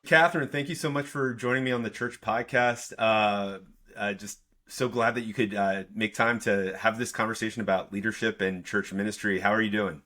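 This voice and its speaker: A man's voice: fairly low pitch, steady tone, moderate pace, bright, forceful tone. A man hosting a church ministry podcast, introducing and interviewing a guest in an upbeat, chatty way that often trips over its own words. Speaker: podcast host.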